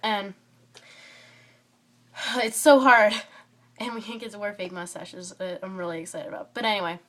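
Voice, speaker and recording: Stuffy from a cold, a woman with a mid-range voice gives a chatty book review vlog at a fairly quick pace. She's rambling and excitable, packing in fillers and drifting off on tangents.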